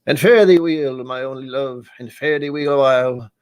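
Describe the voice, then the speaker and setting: A man's voice: mid-range voice, normal speed, smooth, pitched above the performer's own voice, lightly acted. A man reciting a sentimental love poem in a put-on accent that drifts between Scottish and Irish, in an overdone sing-song way. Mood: tender, sing-song. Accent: put-on mix of Scottish and Irish. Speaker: livestream host.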